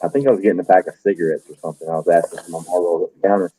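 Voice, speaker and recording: A Southern man in his fifties hosts a casual chat and spins rambling stories full of "like" and restarts. His voice sits low and sounds dark and mellow. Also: steady tone, very fast, slight background noise, poor audio. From Deep South of the US. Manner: rambling storyteller, many "like" and restarts. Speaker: homesteading show host. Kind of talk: casual chat while canning.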